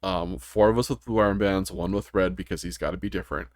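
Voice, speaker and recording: A man with a fairly low voice hosts a casual gaming podcast, rambling through stories with plenty of ums and restarts. The sound is dry and close, with no room around it. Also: steady tone, brisk, no echo. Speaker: podcast host.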